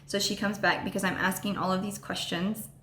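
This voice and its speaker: Bright-voiced woman telling a halting story. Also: medium pitch, level tone, roomy sound, a little hiss or hum. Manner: halting, full of ums and restarts. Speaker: vlogger. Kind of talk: storytime vlog.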